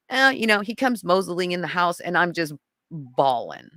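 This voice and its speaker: Podcast guest, woman, bright voice, dry close sound, animated storyteller. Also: quick pace, no echo. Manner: animated storytelling, rising to high exclaims. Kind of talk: casual conversation.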